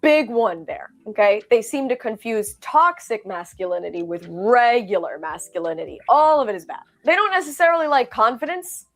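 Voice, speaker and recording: A woman delivering scripted commentary in an emphatic, animated way. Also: fairly high pitch, normal speed, hardly any pauses.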